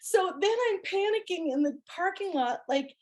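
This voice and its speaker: A woman co-hosting a podcast, telling a story in an animated, laughing way with many restarts. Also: very high voice, normal speed. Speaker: podcast co-host. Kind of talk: casual storytelling chat.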